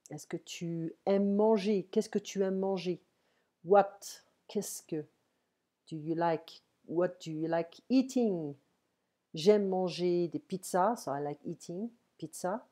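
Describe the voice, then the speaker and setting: A woman with a French accent giving a relaxed online French lesson, explaining step by step and checking in with frequent "ok"s. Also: on the low side. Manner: explains slowly, switching between French and English, with frequent "ok". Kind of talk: casual one-on-one French lesson. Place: home. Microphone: computer mic on an online call.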